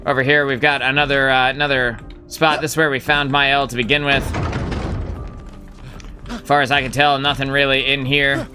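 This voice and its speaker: A man's voice: mid-range voice, little pitch movement, normal speed, over music. A man streaming a game live, rambling casually as he thinks aloud and swears now and then. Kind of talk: casual gameplay commentary.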